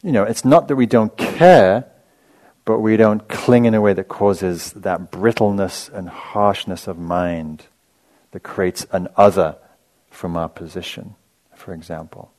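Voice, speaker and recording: A man with a low, deep voice gives a meditation talk, wandering through a personal story with loose asides and easy chuckles. He sounds conversational rather than preachy, like a teacher thinking out loud. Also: fairly even intonation, a little slow. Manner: casual, chatty storytelling with frequent asides; self-amused, laughs at his own anecdotes. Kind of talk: dharma talk.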